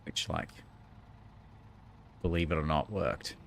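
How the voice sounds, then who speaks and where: A man's voice: a bass voice, slow pace, vocal fry, fairly bright tone, slight background noise. A man, joking and rambling casually while he streams a game. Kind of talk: casual gaming commentary.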